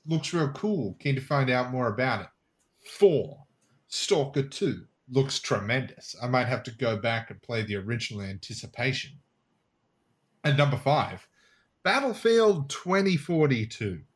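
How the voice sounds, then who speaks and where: A man with an Australian accent co-hosting a casual gaming podcast, reading out listener lists and laughing easily. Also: mid-range voice. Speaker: podcast co-host. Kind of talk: casual chat.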